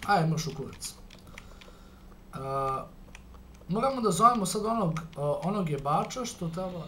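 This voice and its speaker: Excitable swearing Serbian gamer guy. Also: high voice, normal speed, pauses often, background noise. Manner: excitable, swearing, reads game lines aloud. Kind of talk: let's play commentary.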